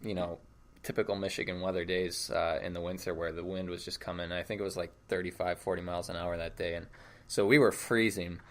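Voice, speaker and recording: A young man with a notably low, deep voice, talking easily as a podcast guest. He loops back on his words as he gathers his thoughts, relaxed and unhurried in tone. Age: young adult. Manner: easygoing, repeats words as he restarts. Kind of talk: casual podcast chat.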